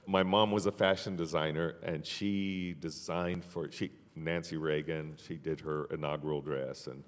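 An older man telling his life story as an interview guest, measured and unhurried, with frequent fillers and soft laughs. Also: a bass voice, steady tone. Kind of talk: personal testimony in conversation. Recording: long hall reverb.

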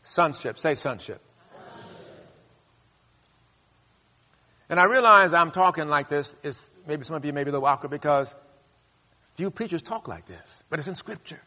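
A male pastor preaching a sermon, leading the congregation in call-and-response and rising to loud, high bursts. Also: normal speed, pauses often. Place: church sanctuary. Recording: long hall reverb.

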